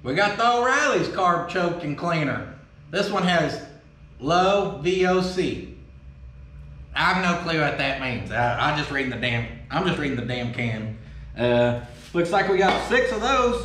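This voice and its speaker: A folksy, excitable man with a drawl, chatting casually and cussing easily as he opens fan mail. His voice sits high for a man. The sound bounces around a roomy workshop. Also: unhurried, a little hiss or hum. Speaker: vlog host opening fan mail. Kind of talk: casual chat. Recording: roomy echo.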